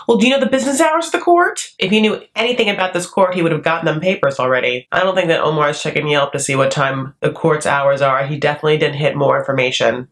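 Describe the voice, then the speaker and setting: Female recap host from the States, sarcastic casual delivery, slightly low pitch. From United States. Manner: sarcastic, chatty, does mocking voices for the cast. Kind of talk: casual commentary.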